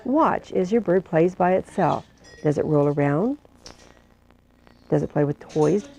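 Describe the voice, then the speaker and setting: A woman reading a scripted narration for an instructional video in a calm, measured way. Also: low voice, vocal fry, low-quality recording. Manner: calm, measured explanatory delivery.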